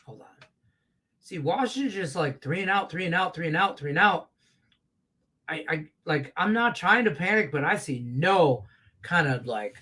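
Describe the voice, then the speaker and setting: A man hosting a live betting show, ranting profanely about the game on screen. His voice sits a bit high for a man, and he swings from loud outbursts down to low grumbles. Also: moderate pace, slightly rough. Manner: profane, excitable, rants then mutters low. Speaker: sports betting show host.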